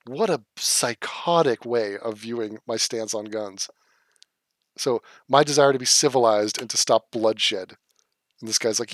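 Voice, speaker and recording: A man hosts a casual livestream, reading viewer comments and firing back in a blunt, scoffing, foul-mouthed way. His voice sits in an ordinary middle pitch for a man. The sound is close and dry, with no room around it. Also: unhurried, fairly bright tone, no room sound. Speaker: livestream host.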